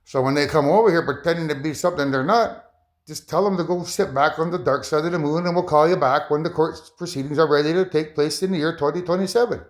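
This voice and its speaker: A man rambling casually to his viewers, excitable and often breaking into laughter. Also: quick pace. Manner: excitable, laughs often, rising into high bursts. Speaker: vlogger.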